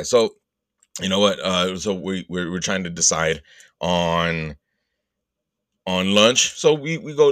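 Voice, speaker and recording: Male podcast host, low-pitched and dry-sounding, for profane, rambling comic storytelling with quick put-on voices. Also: a bit bright, dry recording. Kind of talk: casual comedic storytelling.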